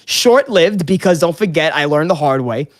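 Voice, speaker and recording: A man's voice: a little high, lively intonation, normal speed, no room sound, clean studio sound. A young man co-hosting a podcast, rambling casually with lots of swearing. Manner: rambling and profane, slips into loud put-on voices. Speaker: podcast co-host. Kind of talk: casual chat.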